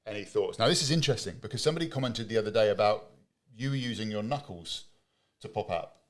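A man's voice: lowish voice, expressive, fast talker. A man co-hosting a casual live show, reading out viewer questions and nodding along with short affirmations. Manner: agreeable, many short affirmations.

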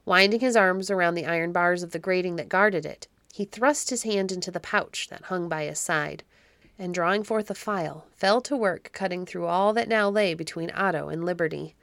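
A woman narrating a classic children's story in a measured, expressive reading. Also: fairly low pitch, gravelly, no echo. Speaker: audiobook narrator.

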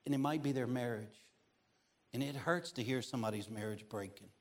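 A middle-aged man preaching as a guest pastor in a church, telling funny personal stories with big swings in pitch and loudness. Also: brisk.

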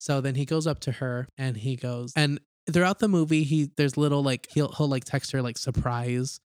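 A man's voice: medium pitch, moderate pace, darkish tone, clear, resonant tone, no echo, clean studio sound. A man casually retelling a film's plot on a podcast, rambling with lots of "like" and acting out the characters' lines. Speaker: podcast co-host. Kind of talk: casual movie recap chat.

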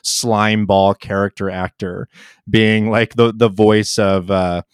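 A man with a lowish voice rambles enthusiastically through a film discussion, leaning on "like" and "you know" as he goes. The sound is dry and close, with no room echo. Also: level tone, takes it slowly, clean tone. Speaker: podcast co-host.

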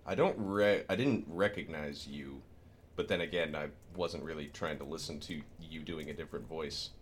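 A man co-hosting a podcast in casual chat, animated and laughing often as he tells stories. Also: extremely low pitch, moderate pace, breathy edge. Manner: animated, laughs often, storytelling with bursts of excitement. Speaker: podcast co-host.

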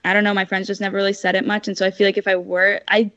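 A woman's voice: mid-range voice, level tone, rapid-fire, fairly bright tone, dry recording. A teenage girl from Canada, a podcast guest, chatting casually with many "like" fillers. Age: teens. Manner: chatty, lots of "like" fillers, giggly. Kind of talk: casual interview chat. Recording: dull, dry lo-fi sound.

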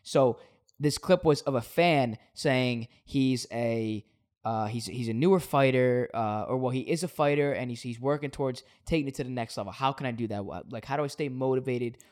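A man co-hosting a sports podcast, telling a story in an animated casual way with frequent swearing. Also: medium pitch, moderate pace. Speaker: podcast co-host.

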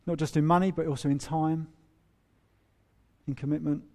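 A man preaching a sermon in a humorous, animated way, acting out quoted voices. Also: a little high, moderate pace. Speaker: pastor.

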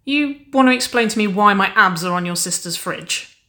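A woman's voice: medium pitch, animated, moderate pace, sharp tone, voice pushed up. A woman reading a wry, confident young woman.

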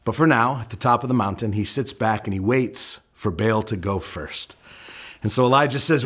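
A male pastor preaching a sermon, telling the story with lively humor and pointed asides. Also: lowish voice, normal speed, breathy edge.

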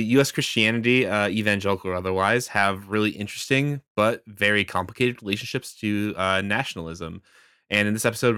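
A man's voice: fairly low pitch, sharp tone, smooth, dry recording, studio quality. A man co-hosting a podcast in casual chat, joking and chuckling as he talks. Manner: jokey, chuckles while talking. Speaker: podcast co-host.

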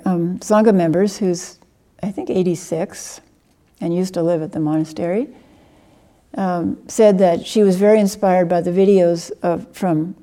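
A woman, a Buddhist teacher, giving a dharma talk in a gentle, measured and earnest way. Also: on the low side.

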